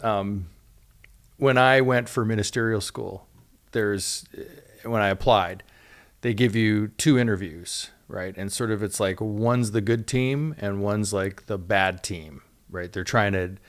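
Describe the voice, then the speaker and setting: A man's voice: on the low side, measured pace. A man hosting an interview as a minister, chatting casually with many fillers and tagging his points with "right?". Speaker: host and minister.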